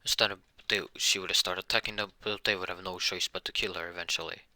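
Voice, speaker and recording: Rambling storyteller man, very low and very bright, dry sound. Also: level tone, fast talker, no room sound. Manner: rambling, frequent self-corrections. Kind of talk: improvised fan-fiction narration.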